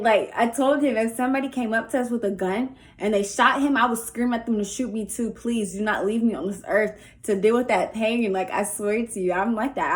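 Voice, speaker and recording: Young woman vlogger, candid, rambling Q&A chat, mid-pitched voice. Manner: chatty and candid, lots of "like". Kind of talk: casual Q&A vlog. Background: faint music early on.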